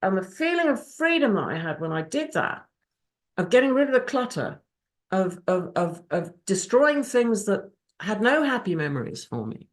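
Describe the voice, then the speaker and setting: A middle-aged woman gives an open, emotional recovery share on a video call to her fellowship meeting, swearing liberally. She speaks at a moderate pace in a mid-range voice with big swings in pitch.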